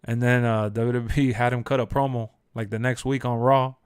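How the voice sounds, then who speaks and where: A young man live-streaming and chatting to his viewers in loose, slangy speech. His voice sits at an ordinary middle pitch and is recorded close and dry, with no room sound. He keeps laughing and leaps into loud, animated shouts whenever he quotes someone. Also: moderate pace, clear, resonant tone, no echo. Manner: animated, jumps to shouts when quoting; loose slangy talk, answers chat, laughs often. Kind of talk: casual live-stream chat.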